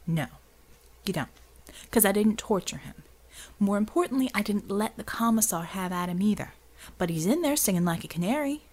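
A blunt, seasoned soldier, read by a woman, who talks in folksy slang with a wry, impatient drawl. The voice has a husky, breathy edge, held in a middle register. It is an audiobook character voice. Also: medium pitch, animated, moderate pace, a little mellow, natural voice. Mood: persuasive.

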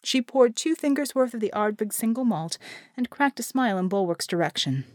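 Expressive woman audiobook narrator. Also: on the high side, brisk, no room sound, clean studio sound. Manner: expressive, storytelling. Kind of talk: scripted narration.

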